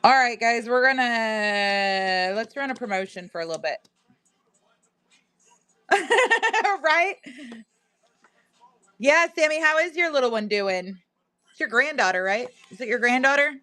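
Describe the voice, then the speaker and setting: A woman's voice: fairly high pitch, expressive, measured pace, long pauses, bright, forceful tone, clear, resonant tone, no room sound, faint music behind. A woman hosting a casual live-stream sale from home. She is chatty, laughs a lot, and talks to both her viewers and her pet. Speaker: live-stream seller and host.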